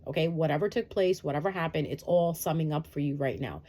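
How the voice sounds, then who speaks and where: Chatty woman with a lowish voice. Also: fast talker, warm tone. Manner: chatty and reassuring, frequent "um" fillers. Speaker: astrology reader. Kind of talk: casual direct-address astrology update.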